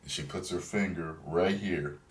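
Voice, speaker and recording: A man's voice: low-pitched, normal speed. A young man vlogging, telling a story in a laid-back, profane, chatty way. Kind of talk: casual storytelling. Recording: roomy sound, distant from mic.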